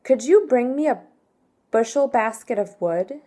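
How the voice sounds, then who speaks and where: A woman teaching English pronunciation, saying each word twice with careful, deliberate enunciation before reading model sentences. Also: fairly high pitch, animated, warm tone, slightly rough. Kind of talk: pronunciation lesson with slow model words and sentences.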